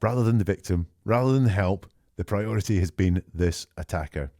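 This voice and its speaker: A male podcast host giving measured, reflective analytical commentary and reading out quoted lines as he goes. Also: low voice, mellow, no room sound, studio quality.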